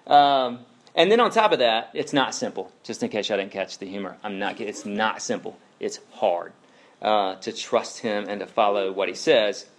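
A pastor in his thirties preaches a sermon in an animated, conversational style, filled with asides and questions for the congregation. He speaks at a normal speed with a fairly low pitch.

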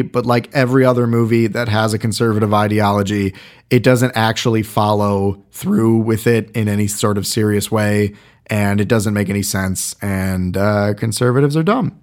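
Wry, rambling man reviewing a film. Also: mid-range voice. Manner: rambling, wry and irreverent with many fillers. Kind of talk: casual spoken review.

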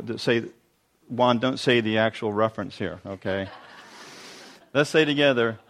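A man preaching a sermon to a congregation, retelling scripture in a relaxed, conversational teaching manner with rhetorical asides. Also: mid-range voice. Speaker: pastor.

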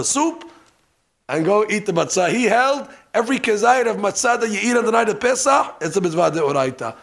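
Rabbi guy giving a lesson, gravelly voice pitched kinda high, jokey and animated. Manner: animated, humorous, sprinkles Hebrew terms. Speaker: rabbi teaching. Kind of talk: demonstration lesson on ritual practice. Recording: archival lesson recording.

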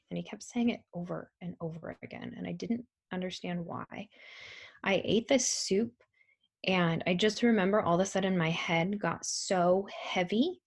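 A young woman telling a personal story in a halting, soft-spoken way, with frequent pauses and ums. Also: lowish voice. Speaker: survivor telling her story. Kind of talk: personal testimony.

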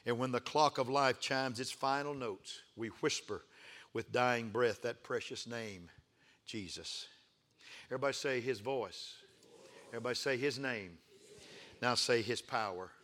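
Guy preaching a sermon, bright punchy voice, rhythmic repeats, gets loud and fired up. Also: mid-range voice. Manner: builds from hushed to fervent shouting with call-and-response; rhythmic repetition, preaching cadence.

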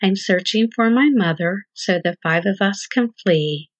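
A woman's voice: medium pitch, a little slow, dry recording, close to an everyday voice. Frightened little chick, as a woman reads her. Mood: alarmed. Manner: urgent, anxious repeating. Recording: dull lo-fi dry recording.

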